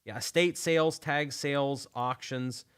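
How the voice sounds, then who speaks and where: A man's voice: mid-range voice, fairly even intonation, measured pace, fairly bright tone, smooth. A man hosting a casual livestream, talking in a rambling, enthusiastic way with many restarts. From United States. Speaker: channel host.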